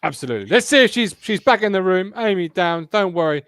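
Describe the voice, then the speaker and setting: A man's voice: high-pitched, animated, fast, a bit bright. A man hosting a casual fan show over a video call, joking, teasing his guests and reading out viewer comments. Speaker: host of a fan podcast. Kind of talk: casual chat and banter.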